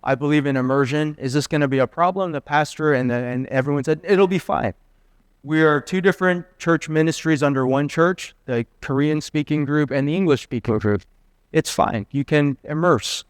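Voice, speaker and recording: A man's voice: on the high side, normal speed, smooth, no room sound. A middle-aged man preaching a sermon, telling personal stories and acting out the dialogue. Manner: earnest storytelling, quoting dialogue in lively voices. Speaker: guest preacher.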